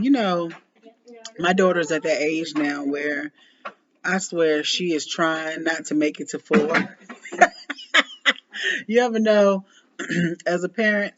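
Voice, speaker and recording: A former preschool teacher in her forties chats to camera in a loose, laughing way, with lots of ums and restarts. Her voice sits on the low side, and the muffled lo-fi audio carries a little hiss or hum.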